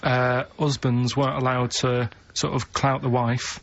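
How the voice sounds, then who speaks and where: Manchester man, co-host, deadpan rambler, mid pitch, lo-fi radio sound. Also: unhurried.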